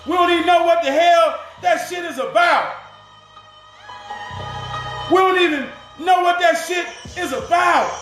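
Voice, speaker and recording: Man, impassioned profane rant, very high voice, echoey room, faint music. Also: a little slow, pauses often, fairly bright tone, raised voice. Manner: fiery, profane, preaching.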